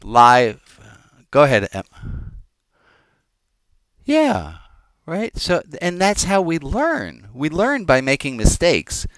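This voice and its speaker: A man who is a rabbi teaches a casual sermon, chatting with the congregation and wandering into jokes and side stories. His voice is slightly high and smooth and resonant. The sound is close and dry, with no room echo. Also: huge pitch swings, slow pace, pauses often, a bit bright. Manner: conversational, digressive and joking, addressing the congregation.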